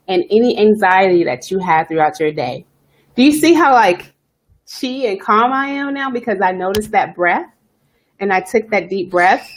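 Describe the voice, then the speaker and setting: A woman hosting a self-care live stream, talking fast and chatty, greeting viewers by name as she coaches. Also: medium pitch. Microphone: webcam or phone live stream.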